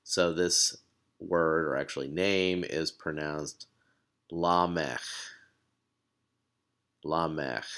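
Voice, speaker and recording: A man's voice: very deep voice, vocal fry, fairly bright tone. A man teaching a recorded language lesson, explaining patiently with fillers and repeated words.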